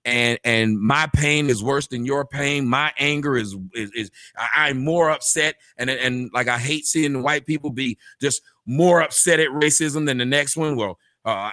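A man who is a podcast guest, speaking emphatically in quick bursts and often repeating words. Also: fairly high pitch, pushed and bright, dry recording, studio quality. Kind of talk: conversational interview.

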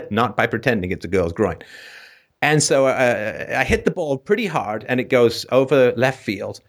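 A man from England with an English accent, hosting a call-in show and telling animated stories from his childhood, laughing often. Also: moderate pace. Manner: animated, laughs often, jumps into a high voice for emphasis. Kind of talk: anecdotal storytelling.

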